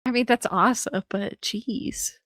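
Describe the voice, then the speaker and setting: A woman's voice: a little high, steady tone, measured pace, a bit bright, slight background noise. A woman joining friends on voice chat, teasing them and giggling. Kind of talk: casual chat.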